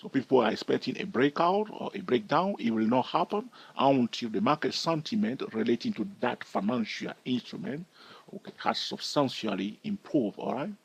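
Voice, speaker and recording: Husky man teaching with lively pitch. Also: moderate pace. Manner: explanatory, keeps checking in with "all right?". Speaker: trading educator. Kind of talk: chart-walkthrough teaching.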